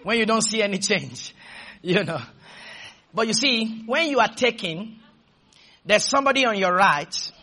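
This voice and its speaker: A man preaching a sermon, leading the congregation in call-and-response with shouted refrains, then dropping into quiet, humorous storytelling. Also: high voice.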